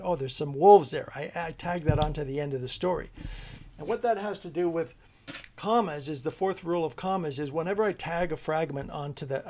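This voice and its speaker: A man's voice: a little high, a little mellow. A man teaching a homeschool grammar lesson, explaining it as a loose, conversational story with many restarts.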